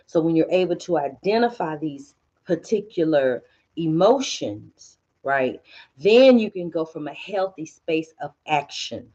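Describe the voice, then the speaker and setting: Low-voiced woman coaching calmly. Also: a little slow, husky, dull audio. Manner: calm, coaching, acts out inner dialogue. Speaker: host. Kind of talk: spiritual teaching talk.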